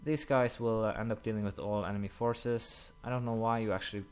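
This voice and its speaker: A young man commenting casually while playing a strategy game, rambling with many fillers and quick apologetic asides. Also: fairly low pitch, fairly even intonation, clean tone. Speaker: gaming commentator. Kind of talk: casual let's-play commentary.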